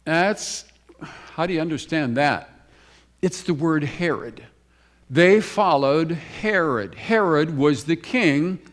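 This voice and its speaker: Preaching in a church sanctuary, a U.S. pastor with a slightly high, expressive voice recounts gospel stories for his congregation. Quick emphatic bursts give way to slow, hushed lines, and he repeats words for weight while speaking straight to the people.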